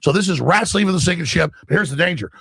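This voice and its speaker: A man's voice: fairly high pitch, lively intonation, fast, creaky, fairly bright tone, breathy edge, no room sound. A man talking as a guest on a talk show, emphatic and rambling, often acting out what others said. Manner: emphatic, rambling, acts out quoted speech. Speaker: guest commentator. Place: studio in Florida.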